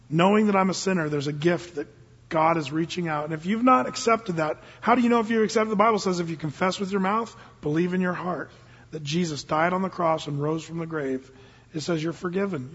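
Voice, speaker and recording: During a church service, an older male pastor gives an earnest, casual sermon with sudden emphatic rises. His husky voice sits on the high side, fairly bright in tone, at a moderate pace. It's a dull church recording with long reverb.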